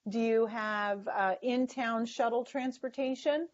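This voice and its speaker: A woman's voice: on the high side, fairly even intonation, a little slow. A woman leading a sales training webinar, stressing words in an emphatic coaching tone. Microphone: video call. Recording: dull lo-fi webinar audio.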